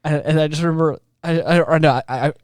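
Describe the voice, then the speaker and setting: A man's voice: fairly high pitch, fairly even intonation, fast talker, darkish tone, smooth. Man rambling through a gaming story. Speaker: podcast co-host. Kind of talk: casual chat.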